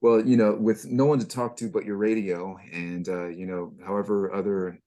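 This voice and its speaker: A man, a former tank crewman, telling army stories casually, halting and repeating himself. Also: on the low side, steady tone, dark tone. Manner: halting, many restarts and fillers. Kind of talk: casual storytelling.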